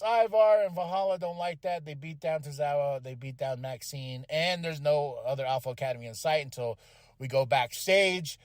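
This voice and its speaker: On his podcast, a man gives an animated, casual recap of a wrestling show, cursing freely and performing the wrestlers' quotes. He has a high voice and talks at a normal pace. The recording is clean studio sound with no echo.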